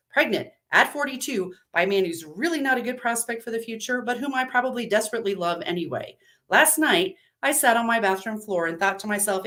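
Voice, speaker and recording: A woman reading a live story, voicing an exhausted woman whose clipped, bitter talk rises toward shouting. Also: medium pitch, lightly acted. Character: furious exhausted woman at breaking point.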